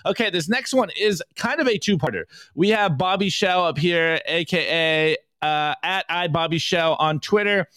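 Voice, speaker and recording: A man's voice: a little high, moderate pace, hardly any pauses, bright, forceful tone, dry recording, clean studio sound. A man hosting a casual live show, chatting loosely and stumbling over his words as he reads memes aloud. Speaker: podcast host. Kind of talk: casual live-stream commentary.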